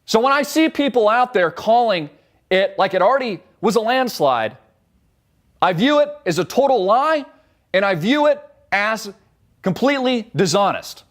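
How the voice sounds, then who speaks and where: A fired-up man ranting on his live commentary show, his voice sitting high and leaping all over the place. He talks bluntly and swears without holding back. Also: big pitch swings, normal speed. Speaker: show host.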